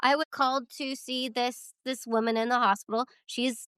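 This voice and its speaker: A woman's voice: on the high side, level tone, normal speed, fairly bright tone, smooth, dry recording. A woman chaplain co-hosting a podcast, talking candidly and animatedly in casual conversation and swearing freely. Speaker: hospital chaplain, podcast co-host.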